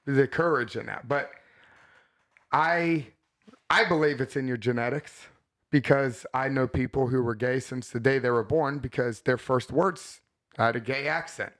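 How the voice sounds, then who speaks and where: A man's voice: medium pitch, a little slow, a bit bright. A man co-hosting a casual podcast chat, talking bluntly and thinking aloud with frequent restarts. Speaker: podcast co-host.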